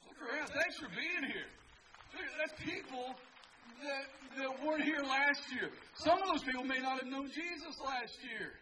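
A man's voice: extremely high pitch, moderate pace, sharp tone. A man preaching to a picnic crowd at a park, talking in a loose, conversational way with joking asides to his listeners. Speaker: pastor. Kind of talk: outdoor sermon. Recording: distant mic with crowd noise.

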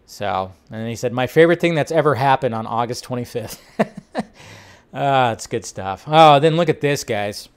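A man hosting a casual entertainment news talk, animated and rambling, laughing often. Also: medium pitch, normal speed, clean tone. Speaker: host.

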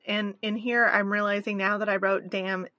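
A woman's voice: mid-range voice, little pitch movement, moderate pace, bright, forceful tone, no echo, highs cut off. A woman co-hosting a podcast in casual chat, wry and joking as she works through her notes. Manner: wry, reads from notes, dry jokes. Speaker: podcast co-host.

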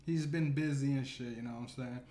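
A man's voice: medium pitch, fairly even intonation, fairly quick, warm tone, a little hiss or hum. Rambling, profane male comedy storyteller. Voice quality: rambling, profane, repeats "you know what I'm saying". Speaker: podcast host. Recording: echoey room with faint ambience.

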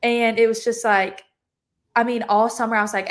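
A young adult woman, a podcast guest, talks through her testimony at a moderate pace. Her voice is a little high with a steady tone, and her chatty style is heavy on "like" fillers.

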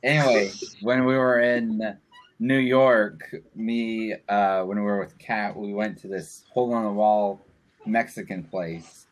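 A man in casual group chat who protests excitedly when his friends interrupt him. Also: on the low side, unhurried, poor audio.

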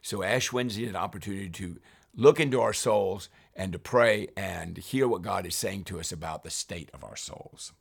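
A man's voice: sits low, normal speed, gravelly, husky. A man reading scripture aloud and explaining it in a devotional Bible teaching, reading verses and then reflecting on them. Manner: reads verses then explains them, often saying "remember".

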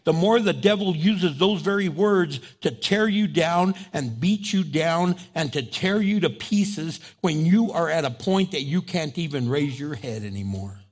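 A man delivers an impassioned sermon with spoken prayer, his voice rising loud as he exhorts listeners and dropping low and soft when he prays. He acts out the inner voices people speak to themselves, along with quoted prayers.

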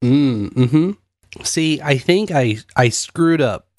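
A man's voice: medium pitch, animated, slow pace, a little mellow, no room sound. A man hosting a podcast in casual, self-deprecating chat, often laughing. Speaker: podcast host.

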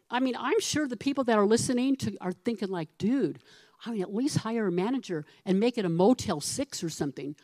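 A middle-aged woman pastor preaching a sermon, her voice pitched a little high and recorded dry and close. She speaks conversationally, asks her listeners questions and acts out the people in her stories with lively shifts. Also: normal speed, no room sound. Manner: animated storytelling, acting out voices of the people in her parable.

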